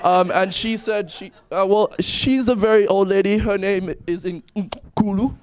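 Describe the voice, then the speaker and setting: A man's voice: high-pitched, fairly even intonation, unhurried. Nervous young man doing stand-up. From South Africa. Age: 20s. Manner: nervous, self-deprecating joke delivery. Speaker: stand-up comedian and YouTuber. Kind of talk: stand-up comedy set. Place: comedy club stage.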